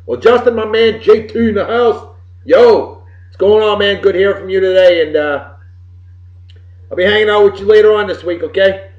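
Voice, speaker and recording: A middle-aged man hosting a web show from home, giving casual birthday shout-outs in a boisterous, folksy, wisecracking way with some swearing. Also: high-pitched, moderate pace. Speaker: show host. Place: home room with computer behind him. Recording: roomy, dull lo-fi webcam audio.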